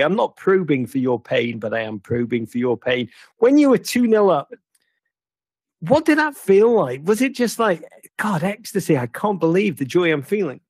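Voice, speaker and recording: A man's voice: sits high, darkish tone, husky, dry recording, studio quality. A man hosting a football chat, telling stories theatrically and teasing his caller playfully. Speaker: host.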